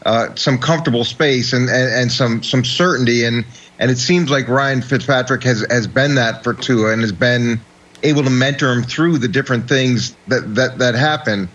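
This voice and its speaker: Brief: middle-aged man, mid-pitched former coach, halting, repeats words. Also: fairly bright tone, lo-fi sound. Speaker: former football coach, analyst. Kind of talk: sports debate analysis.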